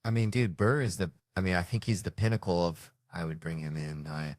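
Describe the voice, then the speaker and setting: Low-voiced man telling stories in character voices. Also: a little fast, dry recording, clean studio sound. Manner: animated, acts out characters in voices, swears. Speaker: podcast host. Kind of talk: casual storytelling chat.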